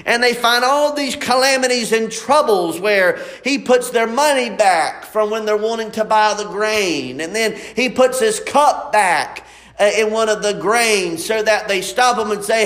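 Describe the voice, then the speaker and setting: A man's voice: high-pitched, a little slow, a bit bright. A man preaching a sermon in a folksy, emphatic way, repeating his points.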